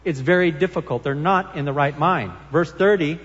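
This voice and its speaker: A man's voice: a little high, moderate pace, a bit bright, highs cut off. A man preaching a sermon as pastor, earnest and emphatic as he reads and explains scripture. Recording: long hall reverb.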